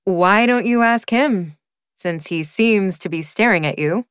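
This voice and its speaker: A woman's voice: medium pitch, unhurried, clean tone, no echo, studio quality, natural voice. A woman voicing a sassy female best friend with a Southern US accent and a teasing drawl.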